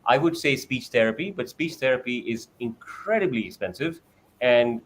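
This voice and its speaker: A man's voice: expressive, moderate pace. A man on a video call explaining how parents can coach a child, animatedly acting out parent-child exchanges. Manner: acts out parent-child exchanges in a bright high voice. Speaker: parent sharing experience.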